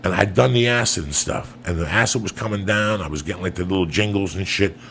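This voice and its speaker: Gravelly, profane podcast host telling stories. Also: male voice, low voice, fast talker, slight background noise. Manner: profane, animated storyteller who drops to hushed tones for quotes. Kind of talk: casual podcast storytelling.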